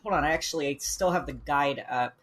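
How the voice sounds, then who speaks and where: High-voiced man on a casual game podcast. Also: quick pace, a bit bright. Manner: laid-back, blunt, curses casually. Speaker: podcast co-host. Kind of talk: casual game-club chat.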